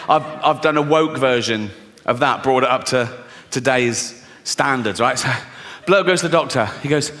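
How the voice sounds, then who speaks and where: A man's voice: mid-range voice, moderate pace, fairly bright tone. A man performing stand-up comedy, telling crude, sardonic stories full of swearing. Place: live comedy venue on stage. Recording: live hall reverb, faint noise.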